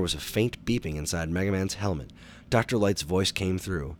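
Low-voiced male narrator, children's storybook reading, steady and expressive. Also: normal speed.

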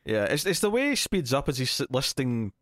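A man's voice: medium pitch, very animated, fairly quick, fairly bright tone, no echo, studio quality. A man co-hosting a movie podcast, chatting casually and animatedly, laughing often and restarting his sentences. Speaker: podcast co-host. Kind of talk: casual movie review chat.

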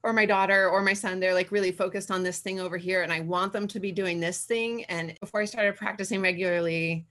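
A woman's voice: mid-range voice, fairly even intonation, fairly quick, few pauses, fairly bright tone. A woman in her thirties or forties, a guest in a casual conversation, talking candidly in a chatty way with frequent fillers.

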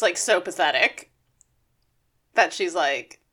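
A woman casually recapping a cartoon episode on a podcast, chatty with quick asides. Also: mid-range voice, lively intonation, pushed and bright. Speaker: podcast co-host.

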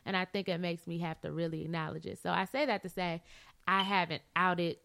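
A young woman speaks candidly in a casual conversation, her voice bright and smooth. She is open and emotional, often laughing through her tears. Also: fairly low pitch, fairly even intonation, brisk. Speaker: podcast guest sharing her story.

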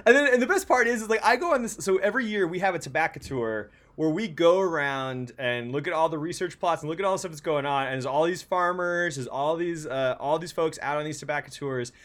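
A man from the San Francisco area talks in a loose, rambling way, filling his sentences with "like" and laughing often. His voice sits a bit high for a man. It is a relaxed, unscripted conversation on a podcast. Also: fairly quick, few pauses. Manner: rambling, swearing, laughing often, many fillers. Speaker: podcast co-host. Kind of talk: casual chat.

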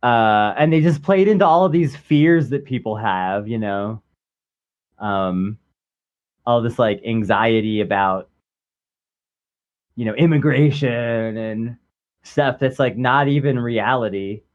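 A man co-hosting a podcast, talking in a relaxed casual way, leaning heavily on "like". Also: medium pitch, slow, pauses often, muffled recording. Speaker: podcast co-host. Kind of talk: casual political chat.

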